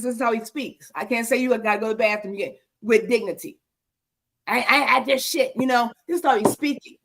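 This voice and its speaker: A woman co-hosting a talk show on senior care, telling stories with exclamations, lots of fillers. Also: a little high. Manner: animated, exclaiming, with many fillers. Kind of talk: casual storytelling chat.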